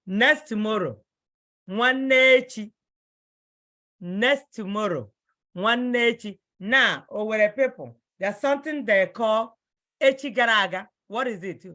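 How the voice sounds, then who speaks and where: A woman leads an online language class and takes her time, saying each word slowly and then saying it again for her students. Her voice is bright and clear, and her pace is unhurried and patient. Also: medium pitch, lively intonation. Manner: slow, repeats words carefully for students. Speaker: Igbo language teacher.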